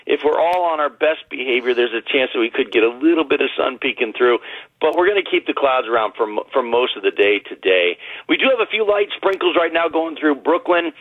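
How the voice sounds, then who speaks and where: A man's voice: medium pitch, animated, brisk, no echo. A man giving the weather forecast for a radio show in an upbeat, chatty, folksy way, calling in by phone. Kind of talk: weather report on a call-in. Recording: dry, tinny phone line.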